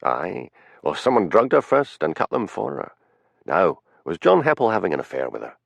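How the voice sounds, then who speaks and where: A man voices a patient village policeman. He asks dry, probing questions in a low, gravelly voice. It sounds close and dry, like a storybook reading. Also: sing-song, moderate pace, no echo, exaggerated voice.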